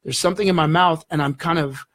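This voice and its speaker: A man, a guest in an interview, telling a story in an animated way and acting out the voices in it. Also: fairly high pitch, quick pace, dry recording, studio quality. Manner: animated, acts out dialogue in the story.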